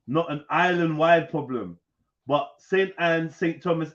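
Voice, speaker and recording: A man hosting a casual live panel, reading an article aloud haltingly with jokes, over a video call. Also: on the high side. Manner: joking, reads aloud haltingly. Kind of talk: casual live-stream banter. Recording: dull lo-fi stream audio.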